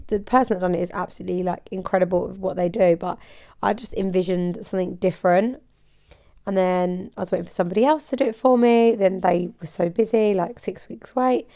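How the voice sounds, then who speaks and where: A hairdresser hosts her own casual solo podcast, chatting in a bubbly, rambling way and laughing a lot. Her voice is medium in pitch with a darkish tone.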